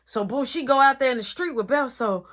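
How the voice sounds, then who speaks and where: A woman telling a fight story in a casual vlog, animated and dramatic, acting out sound effects. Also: high-pitched, a little fast.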